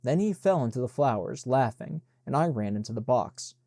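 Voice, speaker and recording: A man reading an audiobook in a measured, unhurried narration. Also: medium pitch, expressive, dark tone, no echo. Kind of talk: scripted narration.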